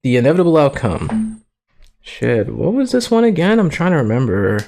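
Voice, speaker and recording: Pitched fairly high with noticeable vocal fry, this young male livestreamer speaks at a normal pace. His casual commentary is slangy and profane, punctuated by frequent laughter and plenty of excitement.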